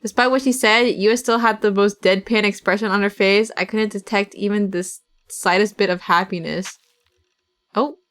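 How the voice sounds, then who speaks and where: A woman's voice: mid-range voice, fairly even intonation, moderate pace, a bit bright. A young woman streamer casually reading a visual novel aloud, swearing and laughing at the script and acting out its tense passages. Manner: reads the game text dramatically. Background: faint game music.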